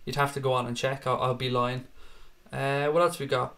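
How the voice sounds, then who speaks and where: A man's voice: mid-range voice, flat delivery, a little fast, fairly bright tone. A man in his thirties hosting a fan live stream, reading chat and answering in a blunt, chatty way, swearing freely and calling viewers mate.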